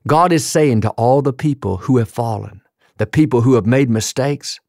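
A man's voice: medium pitch, moderate pace, darkish tone, dry recording, clean studio sound. A man preaching a sermon, telling a story earnestly and acting out the quoted lines. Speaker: pastor.

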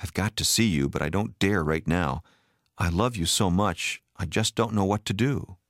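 A man's voice: deep voice, normal speed, fairly bright tone, no room sound, clean studio sound. A man voicing an unfaithful husband who pleads emotionally for forgiveness. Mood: desperate. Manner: begging, emotional.

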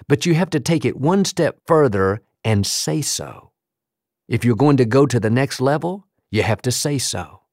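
A man's voice: mid-range voice, a little mellow, dry recording, studio quality. A middle-aged male pastor preaching a sermon with emphatic, repeated declarations and punchy rises on key phrases.

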